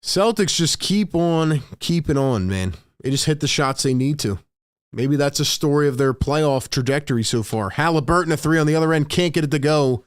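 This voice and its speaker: A man's voice: fairly high pitch, lively intonation, clean tone, dry recording, studio quality. A young man hosting a live stream, calling the action play by play and reading the chat aloud between plays. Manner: reads chat aloud, rapid play calls, rises on big plays. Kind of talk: casual live play-by-play commentary.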